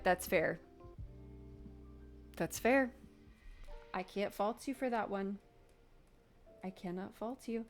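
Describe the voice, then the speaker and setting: A young woman chatting and rambling while she knits on a live stream, laughing often and still getting over an illness. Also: medium pitch. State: recovering from being sick. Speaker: knitting streamer. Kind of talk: casual chat while knitting on a live stream.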